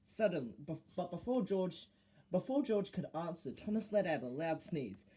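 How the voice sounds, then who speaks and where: Improvising storyteller, lively pitch, stumbles and restarts. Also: slight background noise, rough recording. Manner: halting, restarts lines.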